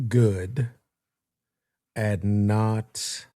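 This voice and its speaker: A man co-hosting a podcast, speaking in a halting, thoughtful way with many fillers and restarts. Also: low-pitched, steady tone, darkish tone, no echo, studio quality. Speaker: podcast co-host. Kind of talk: casual podcast conversation.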